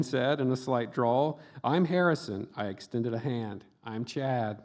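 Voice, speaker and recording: Middle-aged man, author reading his memoir live, deadpan comic delivery, brief offhand asides, medium-pitched voice. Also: measured pace. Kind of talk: live reading at a book festival. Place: book festival event before an audience.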